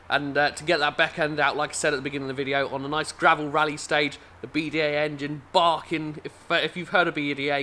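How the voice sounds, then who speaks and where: An English man hosts his own channel with a fairly high, bright and forceful voice. He chats casually to camera, full of filler sounds and restarts. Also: slight background noise. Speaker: car channel host.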